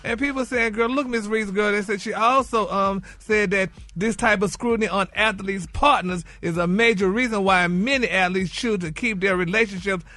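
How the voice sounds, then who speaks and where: Casting: bright, high-voiced male gossip presenter, chatty, dry studio mic. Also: normal speed, hardly any pauses, no echo. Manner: chatty, peppered with "y'all" and "honey". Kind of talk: gossip segment on morning radio.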